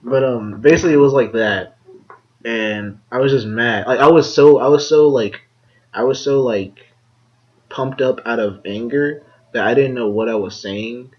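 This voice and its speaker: A young man co-hosting a casual podcast, telling a school story in a chatty, animated way with lots of "like" and acted-out quotes. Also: normal speed. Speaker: podcast co-host. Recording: dull low-quality audio.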